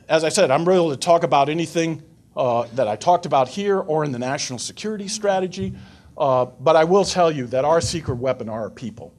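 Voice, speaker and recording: An older man giving a talk to a forum audience. He tells stories with life in them, acting out the people in them, and his voice sits at a middling pitch. He goes on to take questions from the room. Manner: animated storyteller, voices characters in his anecdote. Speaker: guest speaker at a foreign affairs forum. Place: lecture room before an audience.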